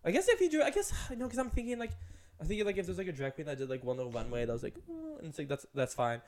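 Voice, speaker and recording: A man's voice: on the high side, very fast. A man in his twenties co-hosting a casual podcast chat, ranting with lots of fillers. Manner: ranting, animated, full of "like". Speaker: podcast co-host.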